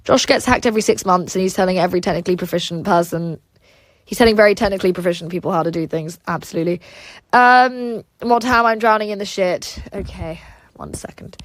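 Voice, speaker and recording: A woman's voice: lowish voice, fast, no echo. A woman hosting a casual livestream, reading chat aloud and rambling with lots of "like" and "um" fillers.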